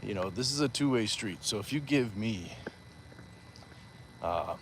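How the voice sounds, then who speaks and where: A man's voice: on the low side, animated, a little slow, slight background noise. A man hosting a livestream on a walk, reading viewer comments aloud in a playful, chatty way. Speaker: livestream host reading chat. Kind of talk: casual livestream chat while walking. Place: outdoors on a walk.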